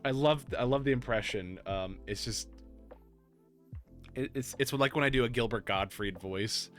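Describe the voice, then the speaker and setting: A man hosting a casual stream chat, excitable and rambling, quick to laugh. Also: medium pitch, soft background music. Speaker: streamer host.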